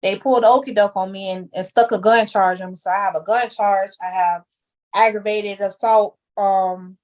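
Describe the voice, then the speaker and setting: A woman's voice: mid-range voice, a little mellow. A young woman talking candidly as a podcast guest, telling her story with heavy slang and emphasis. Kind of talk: casual chat.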